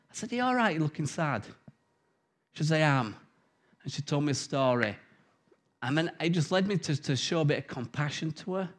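Animated preacher, man. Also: on the high side. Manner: animated storytelling, swings from loud to hushed. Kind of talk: informal sermon with stories.

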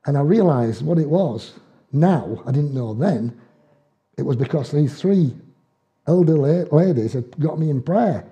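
A man's voice: on the high side, expressive, unhurried, dark tone. An older man preaching a sermon, telling homely stories in dialect with chuckles along the way. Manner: folksy storytelling with dialect and chuckles.

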